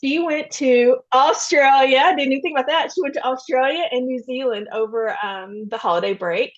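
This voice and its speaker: A woman's voice: high voice, normal speed, muffled recording. A middle-aged woman from Kentucky with a Southern drawl, chatting as a guest author and laughing often. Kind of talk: casual podcast chat.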